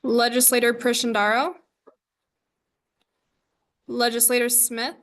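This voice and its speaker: A woman chairing a student government meeting, reading the agenda and roll call in a brisk, scripted way. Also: on the high side, level tone, fairly bright tone.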